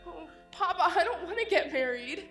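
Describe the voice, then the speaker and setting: A woman's voice: extremely high pitch, lively intonation, normal speed, fairly bright tone, soft background music. Teen girl playing a panicked young bride. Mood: pleading. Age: teens. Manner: panicked, pleading. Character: frightened young bride pleading with her father. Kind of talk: high school stage play. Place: school auditorium stage. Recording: echoey auditorium from a distance.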